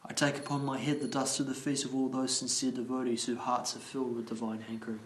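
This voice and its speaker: Guy reading holy text out slow and careful for a class, redoes tricky verse words, mid voice, echoey room. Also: medium pitch, flat delivery, slight background noise. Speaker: class leader reading scripture. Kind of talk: reading aloud and explaining scripture. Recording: roomy echo.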